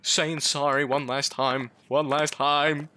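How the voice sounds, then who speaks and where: A man's voice: on the high side, flat delivery, slow pace, bright, forceful tone. A man giving comic let's-play commentary, pleading with his car and joking, breaking into yelps and swearing. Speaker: gaming YouTuber.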